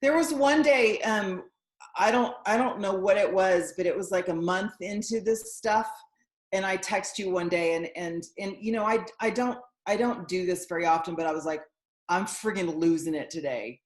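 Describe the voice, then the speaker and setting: A woman's voice: medium pitch, normal speed. Woman guest explaining stuff earnestly, echoey room sound. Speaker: guest, yoga studio owner. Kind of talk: casual interview chat.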